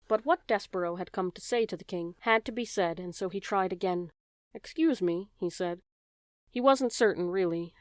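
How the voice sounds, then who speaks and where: A woman's voice: mid-range voice, darkish tone, smooth, no room sound, studio quality. A woman narrating a children's audiobook, telling the story and speaking directly to the reader.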